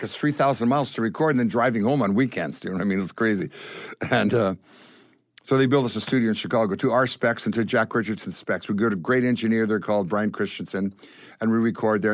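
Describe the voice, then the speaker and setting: An older Canadian man, a guest musician, telling stories in an animated way and acting out the voices of the people in them. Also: on the low side, fast, no room sound. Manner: acts out voices in his stories. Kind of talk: animated storytelling.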